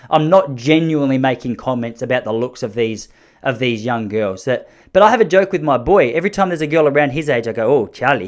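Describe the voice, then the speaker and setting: A man in his thirties with an Australian accent, hosting a podcast and telling a story in a loose, self-mocking way, often correcting himself mid-sentence. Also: on the high side. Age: 30s. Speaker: podcast host. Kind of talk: casual storytelling monologue.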